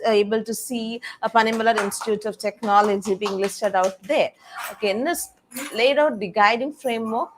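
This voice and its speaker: A woman's voice: a little high, background noise. A woman giving an online presentation to faculty and students, explaining step by step and often stopping on "okay" and "all right". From India. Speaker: panel speaker on innovation policy.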